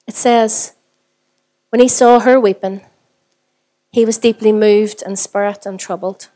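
A woman's voice: medium pitch, steady tone, measured pace, long pauses, mellow. A woman pastor with a Northern Irish accent, preaching a sermon in a conversational way and putting rhetorical questions to the congregation. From Northern Ireland.

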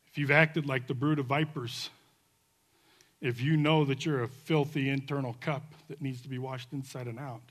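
A male pastor preaching at a church service, swinging from soft pleading to loud fervent calls and leading an altar call and prayer. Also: mid-range voice.

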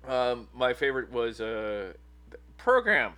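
A noisy crowd sits behind this mid-range male voice speaking at a moderate pace. The speaker, a podcast co-host in his thirties, rambles in casual chat, often using fillers and starting over.

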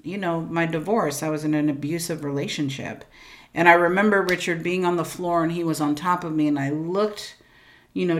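A woman guest in an interview, an entrepreneur and speaker, talking about her life in an emphatic, expressive way with many asides of "like" and "right?". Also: sits low. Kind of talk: candid interview storytelling.

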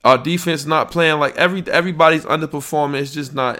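A man's voice: on the high side, quick pace, sharp tone. A man hosting a podcast, giving a casual sports recap with blunt, slangy trash talk, reacting to a live chat. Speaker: podcast host.

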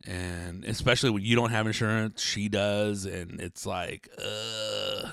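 Rambling, foul-mouthed man with a low voice. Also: steady tone, measured pace, vocal fry, a bit bright, no echo, clean studio sound. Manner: rambling, profane, laughs often. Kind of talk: casual storytelling monologue.

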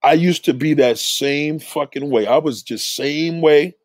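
A man's voice: fairly high pitch, unhurried, dry recording. A man hosting a livestream, reading chat comments aloud and ranting at them in a preachy, profane, confrontational way.

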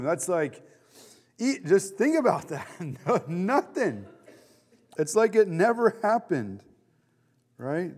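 A man leading a Bible study, teaching in a casual, animated way with many fillers. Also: high-pitched, takes it slowly, long pauses, in a large hall.

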